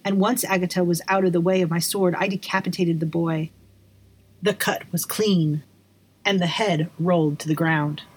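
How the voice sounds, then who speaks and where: Woman reading a dark tale. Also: on the low side, husky. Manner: measured, slowing on dramatic lines. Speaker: narrator. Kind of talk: dramatic first-person story reading.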